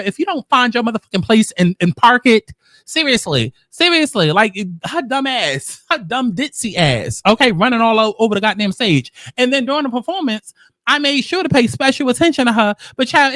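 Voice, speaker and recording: High, bright-voiced sassy male commentator. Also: no echo, clean studio sound. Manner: sassy, profane, animated storytelling. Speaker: commentary host. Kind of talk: casual reality-show commentary.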